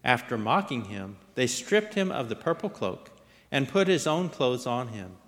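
A man reads scripture aloud at a middle pitch, his voice rising and falling widely as he dramatizes the quoted lines. A long reverb hangs behind every phrase, as in a large hall or church. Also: big pitch swings, normal speed. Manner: dramatic, lifts and raises voice for quoted speech. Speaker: scripture reader. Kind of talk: liturgical scripture reading.

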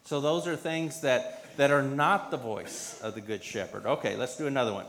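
A man's voice: mid-range voice, moderate pace, a bit bright. A man giving a children's sermon, patiently asking the kids simple questions. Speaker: pastor leading a children's message.

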